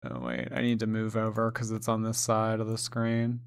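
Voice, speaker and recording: A woman's voice: a bass voice, very animated, normal speed, creaky, slight background noise. Sarcastic woman streamer, mocking commentary. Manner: sarcastic, mocking, reads chat messages aloud. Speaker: streamer reacting to videos. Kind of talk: casual commentary with chat.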